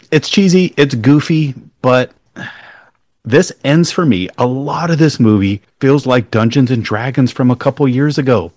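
A man co-hosting a casual podcast chat, talking excitedly with stumbling restarts and laughs. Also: medium pitch, no room sound. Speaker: podcast co-host.

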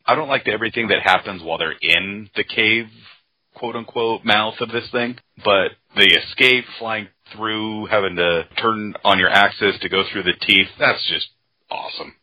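A man with a low, husky voice chats on a film podcast. He talks with easy enthusiasm and laughs readily. The recording is a bit dull and lo-fi. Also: normal speed. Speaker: podcast co-host. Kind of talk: casual film discussion podcast.

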